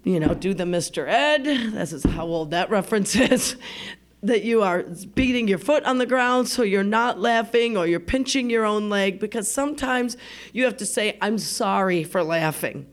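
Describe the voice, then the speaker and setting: Woman storyteller, live radio studio, chatty and quick to laugh. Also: mid-range voice. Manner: chatty, laughs often, acts out remembered voices.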